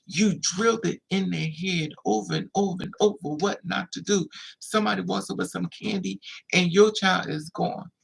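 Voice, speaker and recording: A man hosting a livestream, telling a personal story in a casual, animated way and acting out the voices of the people in it. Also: high voice, moderate pace, vocal fry, husky, low-quality recording. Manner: animated, acts out quoted voices.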